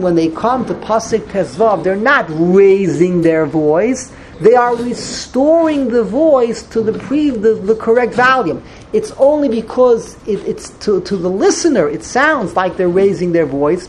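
Woman giving a torah class, gets worked up, stumbles and restarts a lot, hebrew and yiddish terms everywhere, faint noise behind. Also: medium pitch. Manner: animated, jumps into dramatized dialogue with Hebrew and Yiddish terms; frequent restarts and stammers when excited. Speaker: Torah teacher. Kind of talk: Torah lecture.

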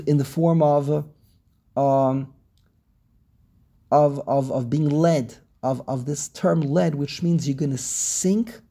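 A man teaching a text class over a video call, weaving Hebrew terms into English, pausing and repeating words as he searches, and posing questions he then answers. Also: a little high, gravelly, dark tone, slightly rough. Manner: asks and answers his own questions. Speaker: Torah teacher.

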